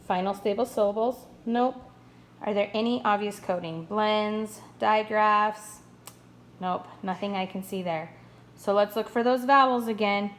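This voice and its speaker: A woman teacher walks young learners through a phonics lesson at an unhurried, patient pace. Her pitch sits mid-range, and she offers bright, upbeat praise between steps. A faint room hum sits behind her voice. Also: fairly even intonation. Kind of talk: first-grade phonics lesson.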